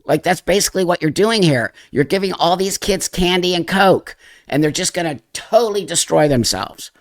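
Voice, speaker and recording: A man's voice: high voice, normal speed. A man hosting his channel, giving emphatic, emotional commentary straight to his viewers and repeating his points. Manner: emotional, voice softens and drops. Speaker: channel host. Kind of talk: impassioned commentary to camera.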